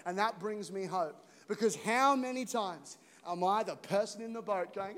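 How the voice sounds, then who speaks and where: A man preaching an animated sermon as a pastor, joking and building to loud peaks. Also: high-pitched, moderate pace, hardly any pauses. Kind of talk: energetic sermon. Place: large church hall. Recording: long hall reverb.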